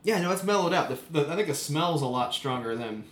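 A man's voice: on the high side, animated, fast, fairly bright tone, roomy sound. A man hosting a casual podcast, laid-back and rambling, laughing often. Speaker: podcast host. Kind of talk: casual chat.

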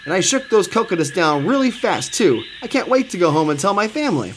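Guy doing a squeaky little monkey, super excited, all over the place pitch-wise. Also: brisk. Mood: proud. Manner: excited, high and bright. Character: small eager young male monkey. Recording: steady background noise.

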